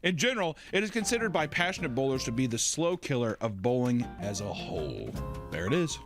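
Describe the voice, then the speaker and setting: A man's voice: mid-range voice, big pitch swings, fairly quick, faint music behind. A man co-hosting a casual stream, reading a script with swearing, laughter and asides. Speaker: stream co-host.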